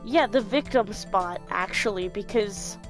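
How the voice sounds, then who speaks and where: A woman's voice: mid-range voice, a little slow. A woman streaming a game, reacting with profane, mocking comments. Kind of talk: let's-play commentary. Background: game music.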